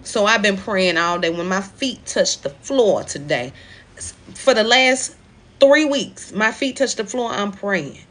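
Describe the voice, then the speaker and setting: A woman with a medium-pitched, expressive, slightly bright voice speaks unhurriedly while hosting a live spiritual card reading. She preaches emphatically, repeating her points, with African American Vernacular phrasing, in a tarot-style livestream.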